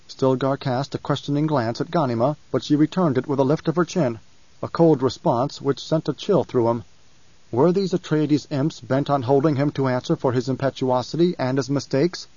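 Here a man narrates an audiobook from a script, keeping his medium-pitched delivery calm and even. The sound is dry, dull, and lo-fi.

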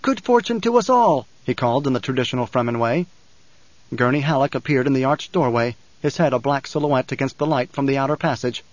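A man narrating a novel in a measured, even storytelling manner. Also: mid-range voice, dry recording, dull audio. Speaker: audiobook narrator. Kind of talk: scripted narration.

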